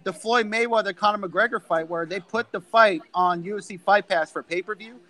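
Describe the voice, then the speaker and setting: A man's voice: high voice, fairly quick, sharp tone. A man in casual podcast chat, complaining bluntly and with swearing. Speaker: podcast co-host.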